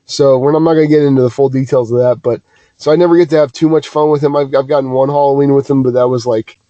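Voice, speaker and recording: Quick-paced and medium-pitched, this man co-hosts a podcast and rambles through self-deprecating stories in casual conversation. There's no echo but the audio sounds dull, and he speaks animatedly with frequent restarts.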